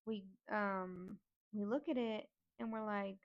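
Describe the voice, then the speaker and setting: A woman's voice: medium pitch, steady tone, takes it slowly, muffled recording. A woman hosting a podcast, telling a personal story in a candid, casual, profane way. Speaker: podcast host.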